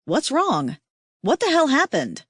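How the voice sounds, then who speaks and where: A woman's voice: normal speed, no echo, clean studio sound. A woman doing a bubbly, slangy young huntress. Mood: teasing, alarmed. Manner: excited, slangy, high-spirited.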